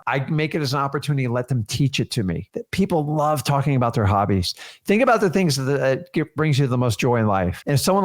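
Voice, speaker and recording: A man in his forties coaching a live training, emphatic and energetic, acting out quick dialogues with sellers. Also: mid-range voice. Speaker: real estate wholesaling coach.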